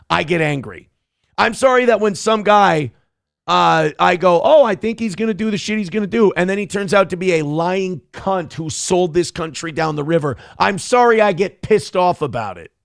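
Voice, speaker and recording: A young man hosting a live show, reading donation messages and ranting with heavy swearing in fast, heated bursts. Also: high voice, gravelly, dry recording, clean studio sound. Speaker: livestream show host. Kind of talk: profane political rant and chat reading.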